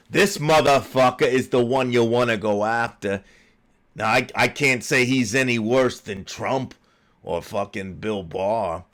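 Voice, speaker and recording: A middle-aged man with a Philadelphia accent rants about politics. He swears constantly and gets heated. His delivery is slow and drawn out. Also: mid-range voice, a bit bright. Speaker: political commentary host. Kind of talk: angry profane rant.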